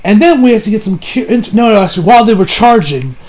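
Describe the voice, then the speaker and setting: A man giving a casual anime episode review, excitable and swearing, recapping scenes with mock quotes. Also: sits high, fast, rough recording.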